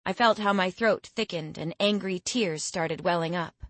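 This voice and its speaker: Low-voiced woman narrating an audiobook. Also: normal speed, hardly any pauses, fairly bright tone, dry recording. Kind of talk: first-person fantasy audiobook narration.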